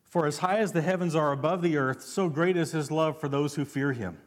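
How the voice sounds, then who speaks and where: A man's voice: on the high side, brisk. A man preaching a sermon as pastor, fervent and constantly asking his congregation questions.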